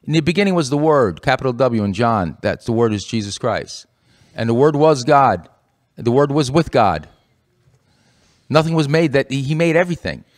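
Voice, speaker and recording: A man's voice: mid-range voice, animated, normal speed. A man co-hosting a Christian radio talk program, preaching with passion and repeating phrases for emphasis. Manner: impassioned, rising to forceful emphasis. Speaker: radio show co-host.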